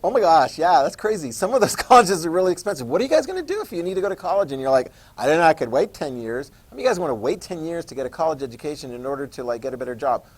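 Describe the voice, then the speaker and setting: A man's voice: fairly high pitch, big pitch swings, racing, few pauses, low-quality recording. A man teaching a history class in a joking lecture style, quizzing students and acting out quotes.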